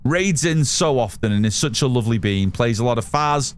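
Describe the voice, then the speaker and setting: A man's voice: medium pitch, animated, brisk, a little hiss or hum. Chatty British man streaming a game. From United Kingdom. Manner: chatty, reads out and answers chat while playing. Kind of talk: casual live gameplay commentary.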